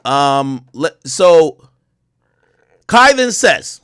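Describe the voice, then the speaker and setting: A man giving reaction commentary, talking emphatically, posing rhetorical questions and filling pauses as he reads through messages. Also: a little high, big pitch swings, sharp tone, dry recording, studio quality.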